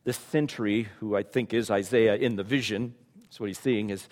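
A male pastor preaching a sermon in a church, moving from quiet reflection to loud, fervent emphasis. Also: lowish voice, fairly even intonation, moderate pace, big-room sound.

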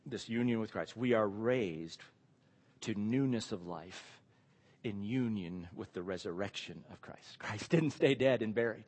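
A man's voice: on the low side, a little mellow. A man preaching a sermon, asking the congregation questions and stressing key words. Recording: long hall reverb.

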